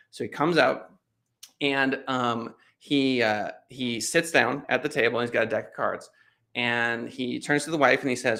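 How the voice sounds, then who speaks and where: A man's voice: mid-range voice, fairly even intonation, normal speed, a bit bright. A man hosting a casual interview, talking in a rambling storyteller way with many restarts and "right?" tags.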